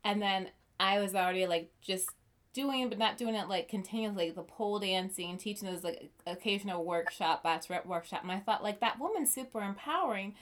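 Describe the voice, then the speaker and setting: A woman's voice: medium pitch, fairly even intonation, fairly quick. A woman talking in a casual chat, rambling with many "like" and "um" fillers.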